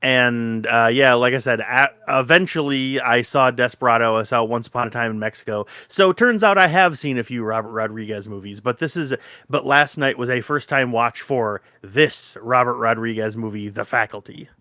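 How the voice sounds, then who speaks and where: A man in his thirties co-hosting a podcast, chatting casually and excitedly, swearing often and acting out his own reactions. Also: medium pitch, moderate pace, hardly any pauses, no room sound, studio quality. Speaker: podcast co-host. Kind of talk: casual chat.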